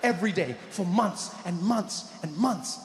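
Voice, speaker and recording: A man doing stand-up, telling a story in an animated way and breaking into loud, high shouted character voices, on a stage mic in a large hall. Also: unhurried, background noise. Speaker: stand-up comedian. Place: large theater stage with audience.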